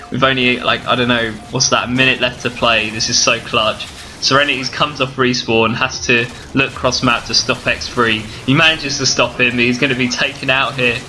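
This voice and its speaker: Breathless excitable male gameplay commentator. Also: mid-range voice. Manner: breathless, excitable, addresses viewers as guys. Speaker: gaming video commentator.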